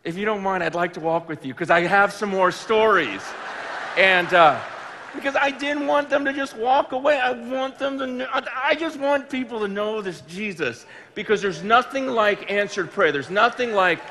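Male preacher, high voice, animated storytelling, emphatic bursts. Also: moderate pace, long reverb tail. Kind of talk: storytelling sermon. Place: large room with an audience.

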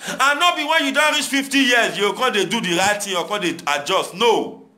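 A young Nigerian man delivers an impassioned monologue in Nigerian Pidgin English, addressing viewers like a commentator and exhorting them with preachy, repetitive rhetoric. His high voice is fairly fast, pushed, and bright. The room he's in is echoey.

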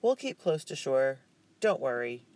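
A man's voice: medium pitch, sing-song, unhurried, darkish tone. A man voicing an impatient, stubborn young girl in an audiobook, his voice lifted a little and earnest.

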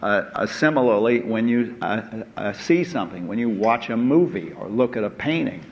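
A man's voice: fairly low pitch, expressive, creaky. Man lecturing with many hesitations. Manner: unhurried, full of "uh" hesitations and asides. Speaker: university lecturer. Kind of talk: university lecture. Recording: dull lo-fi lecture recording with faint noise.

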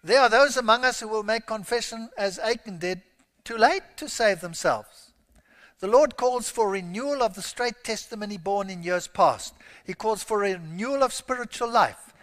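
A high-voiced man preaches with a bright, ringing edge. He reads scripture emphatically and lifts into loud exclamations. His voice carries a long reverb from a large hall. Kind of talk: sermon.

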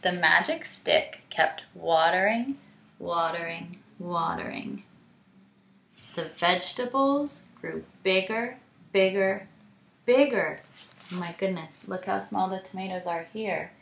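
A woman teacher reading a picture book aloud to children, animated and stopping to ask them questions. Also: fairly low pitch, slow pace, vocal fry. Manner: animated, asks the listener questions. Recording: roomy echo.

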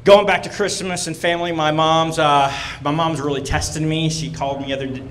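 A man's voice: on the high side, fairly even intonation, fairly bright tone, echoey room, slight background noise, rough recording. A man doing a brash stand-up set on a comedy club stage, telling stories and acting out other people. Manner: brash, storytelling, quick to act out other people.

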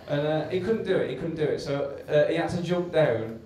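A man's voice: a little high, very animated, a little slow, pauses often. Man, stand-up comic, self-deprecating storyteller, very roomy club sound, distant hissy recording. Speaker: stand-up comedian. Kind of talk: stand-up routine. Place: comedy club stage. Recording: echoey live club recording from far off with hiss.

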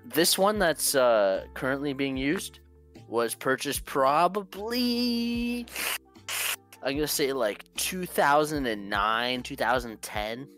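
A man's voice: medium pitch, expressive, slow, fairly bright tone, faint music behind. A young Canadian man joining a friend's pack-opening chat, teasing him in playful banter. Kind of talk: casual chat.

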